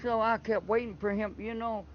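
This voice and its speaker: This older Eastern Kentucky interviewee has a high voice, a steady tone and a moderate pace, plus an Appalachian accent. His casual storytelling is long and rambling with frequent restarted words, heard through slightly muffled audio with faint background noise.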